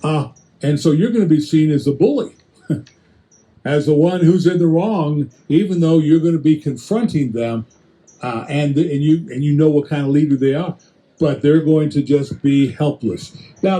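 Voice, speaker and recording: A man preaching in a conversational Bible-teaching style, addressing listeners directly with quick restarts and acted-out asides. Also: on the high side, dark tone, low-quality recording.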